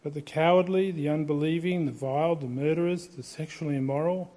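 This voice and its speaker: A male pastor reading scripture aloud at a church service, in a measured, steady way. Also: a little high.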